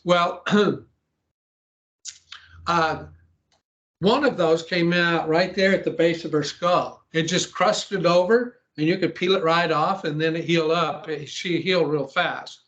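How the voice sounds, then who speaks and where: A man with a somewhat high voice tells a long story as a guest pastor in an interview. He speaks earnestly, clears his throat often, and restarts his sentences. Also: fairly even intonation, a little slow, fairly bright tone, dull audio.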